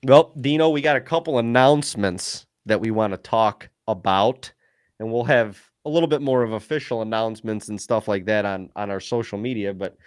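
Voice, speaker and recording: Excitable man telling a hunting story. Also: fairly low pitch, normal speed, smooth, dry recording, studio quality. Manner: excited storyteller, says "dude" and "like" a lot. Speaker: podcast co-host. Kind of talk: casual storytelling chat.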